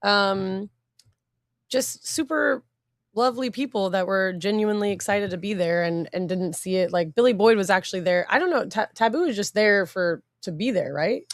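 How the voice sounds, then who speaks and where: Woman on a podcast telling con stories, playful and lively, dry sound. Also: medium pitch, normal speed, no room sound. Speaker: podcast co-host and shop worker. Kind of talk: casual chat.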